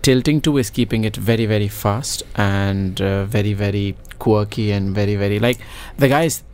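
A man's voice: fairly low pitch, normal speed, a little hiss or hum. A man, a stage actor from Pakistan, speaking earnestly in an interview, stressing words by repeating them. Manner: earnest, emphatic repetition. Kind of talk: radio interview.

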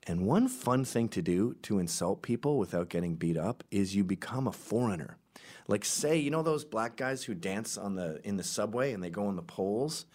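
A man's voice: deep voice, lively intonation, moderate pace, darkish tone. A man telling a crude, rambling comic story in a brash, casual way.

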